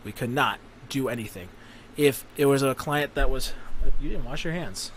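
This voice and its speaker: A man's voice: medium pitch, moderate pace, a little hiss or hum. A man hosting a casual podcast, telling a crude, rambling, profanity-heavy story. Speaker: podcast host.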